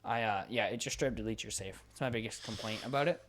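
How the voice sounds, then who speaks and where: A man co-hosting a podcast in casual chat, excitable and profane, talking in quick bursts. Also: on the low side, a little hiss or hum. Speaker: podcast co-host. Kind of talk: casual chat about video games.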